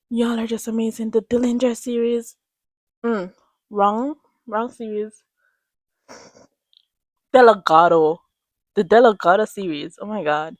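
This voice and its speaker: A woman's voice: a little high, dry recording. A woman, gushing in a casual, rambling chat to camera as a book reviewer. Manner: gushing, animated, rambling with restarts.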